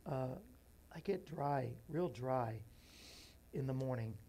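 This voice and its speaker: A man hosts a morning show from a small bookstore studio, rambling casually to his viewers while out of breath. His mid-range voice is warm and his pace is slow.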